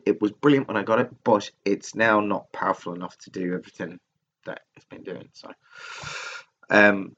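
A deep-voiced man, slightly bright in tone, records a solo podcast on laptop software, speaking candidly and casually about himself. He rambles, curses often and keeps restarting sentences. The sound is lo-fi with slight background noise.

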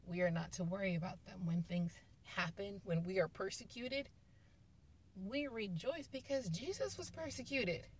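A woman's voice: medium pitch, moderate pace, slight background noise. A woman giving a casual, conversational sermon, retelling scripture stories with emphatic quoted lines. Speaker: preacher.

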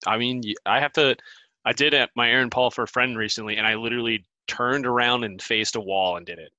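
A man's voice: mid-range voice, fast talker, bright, forceful tone, dry recording, highs cut off. A man co-hosting a casual podcast, telling funny stories and laughing often. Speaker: podcast co-host.

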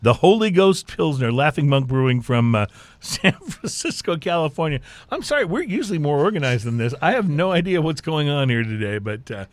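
This beer talk show co-host has a voice on the high side and speaks very animatedly and fairly quickly in a dry recording. He chats casually, rambling, poking fun at himself and leaning heavily on fillers.

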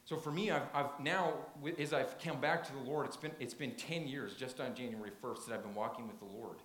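A man's voice: mid-range voice, a little fast, fairly bright tone. A man preaching a sermon in a church, retelling a story with earnest emphasis and frequent restarts. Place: church sanctuary. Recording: roomy echo.

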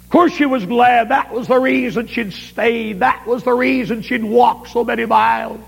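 High, gravelly-voiced preacher. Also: male voice, fairly even intonation, moderate pace. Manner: dramatic, pleading. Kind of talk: impassioned sermon storytelling. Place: camp meeting. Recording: reverberant 1970s camp meeting recording.

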